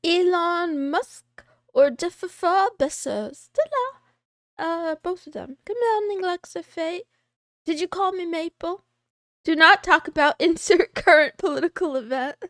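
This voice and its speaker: A VTuber streamer chats casually on her livestream, giggly and playful, reading out viewer names in greeting and slipping into a cat persona with meows. Her voice is very high and a bit bright at a moderate pace, recorded in clean studio sound with no echo.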